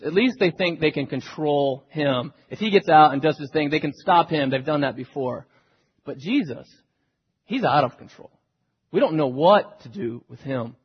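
A man preaching a sermon, retelling a scripture story dramatically and swinging between hushed and loud delivery. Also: fairly high pitch, slightly rough. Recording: dull recording with long hall reverb.

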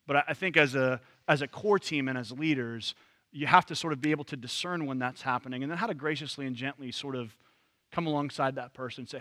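A man's voice: medium pitch, quick pace, bright, forceful tone, no room sound. A man leading a church training session, talking casually with many fillers and restarts. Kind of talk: casual teaching to a group.

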